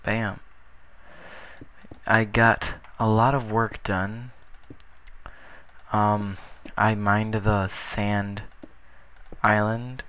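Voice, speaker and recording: A man's voice: on the low side, level tone, extremely slow, long pauses, a bit bright, smooth. A young man casually commentating his gameplay, rambling with self-deprecating jokes. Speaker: gaming channel host. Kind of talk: casual Let's Play commentary.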